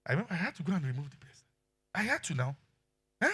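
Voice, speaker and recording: A middle-aged man with a Nigerian accent preaching a sermon, shifting between quiet asides and loud exclamations. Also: fairly high pitch, big pitch swings, fast, slightly rough. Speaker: pastor.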